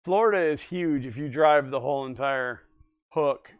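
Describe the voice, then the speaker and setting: A man's voice: medium pitch, normal speed, narrow, tinny audio. A man hosting a livestream, chatting casually and reading viewer comments aloud, easygoing and often laughing. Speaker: livestream host.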